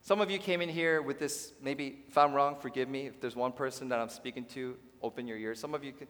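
A man's voice: mid-range voice, steady tone, a little fast, few pauses, a bit bright. Man preaching in an echoing church. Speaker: pastor. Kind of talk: sermon. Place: church sanctuary. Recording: long reverb of a large hall.

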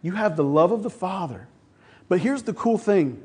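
A man's voice: high voice, moderate pace, husky. A middle-aged male pastor preaching a sermon, telling stories and acting out voices along the way. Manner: storytelling, animated, acts out quoted voices.

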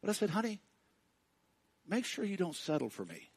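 Husky-voiced preacher man, lively swings. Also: high voice, moderate pace. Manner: impassioned preaching, swinging from hushed to loud; talks directly to the congregation. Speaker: pastor. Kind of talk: sermon.

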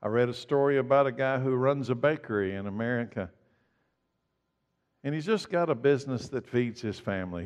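A man preaching a sermon as pastor, emphatic and swinging from loud declarations to hushed lines. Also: medium pitch, in a large hall.

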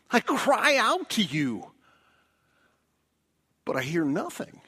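Man, middle-aged, pastor, sermon, slow delivery, very expressive pitch, dramatic loud-to-whisper swings. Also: breathy edge.

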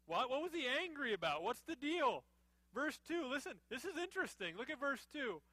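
Male pastor, sermon, conversational, rhetorical questions, high voice, dry recording. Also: very animated, brisk, sharp tone, dry recording, rough recording.

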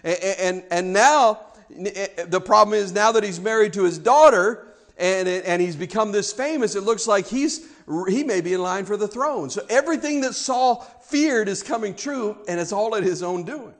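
A man preaching a sermon, emphatic, dropping to a hush and then rising loud. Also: high voice, normal speed. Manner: emphatic, swings between hushed and loud.

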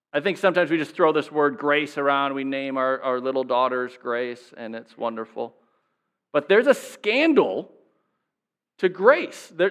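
A man delivering a sermon with a slightly higher-than-usual voice. He speaks in a conversational way, and he acts out the people he quotes. His tone stays relaxed, and he chuckles now and then. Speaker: pastor.

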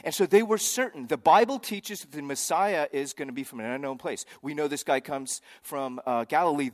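A man preaching a sermon, animated and acting out the voices of arguing crowds. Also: fairly high pitch, fairly quick, hardly any pauses. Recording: long hall reverb.

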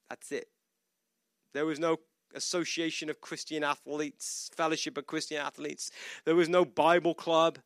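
A young male preacher delivering a sermon in a high, ringing voice. He tells his story with sudden loud bursts that drop to quiet, hushed lines. The sound is close and dry. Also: no echo.

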